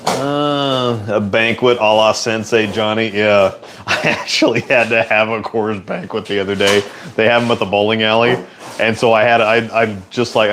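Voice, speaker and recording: A man hosting a relaxed, rambling chat in a workshop, answering viewer questions. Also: lowish voice, slight background noise. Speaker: host. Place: indoor workshop.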